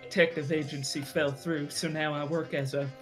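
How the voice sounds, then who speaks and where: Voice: medium pitch, little pitch movement, a bit bright, soft background music. Dry quipping stream cohost. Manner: dry quick quips. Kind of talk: casual stream chat.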